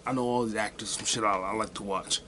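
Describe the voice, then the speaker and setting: A man's voice: on the low side, fairly even intonation, fast, bright, forceful tone, a little hiss or hum. Rambling, profane male podcast host. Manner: rambling, profane, offhand and self-deprecating. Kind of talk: casual solo podcast rant.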